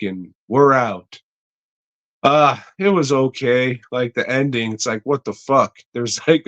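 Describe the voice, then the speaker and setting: A man's voice: fairly low pitch, fairly bright tone. A man co-hosting a podcast, casually retelling a movie plot in a rambling, profane way with frequent laughs. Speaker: podcast co-host.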